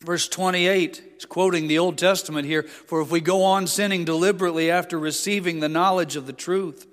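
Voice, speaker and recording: A male preacher delivers a sermon with a slightly high voice. He swings between fervent emphasis and quiet, low asides. His voice carries with the long reverb of a large hall. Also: fairly even intonation, brisk. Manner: impassioned, rising to emphatic peaks then dropping low.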